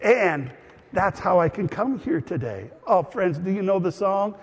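Pastor, male, folksy self-deprecating sermon storyteller, lightly high voice, reverberant hall. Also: very animated, measured pace, breathy edge. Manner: conversational storytelling with asides and self-deprecating humor.

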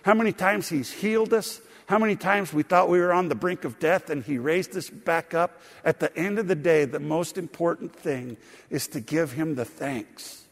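A man's voice: fairly high pitch, moderate pace. A man preaching a sermon as pastor, reading scripture expressively with frequent fillers. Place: church sanctuary. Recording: long reverb of a large hall.

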